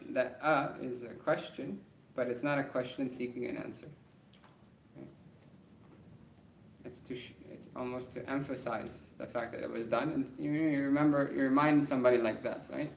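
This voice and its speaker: A man's voice: medium pitch, gravelly. Male teacher in a roomy classroom. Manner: reads Arabic text quickly, then explains slowly with frequent "right?". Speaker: Arabic grammar teacher. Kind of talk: classroom lesson. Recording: roomy classroom with faint background noise.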